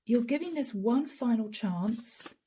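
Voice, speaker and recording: A woman giving a channeled tarot reading, soft and emotional, often dropping to a whisper. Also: fairly high pitch, lively intonation, slow pace, a little hiss or hum. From Europe. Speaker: tarot reader.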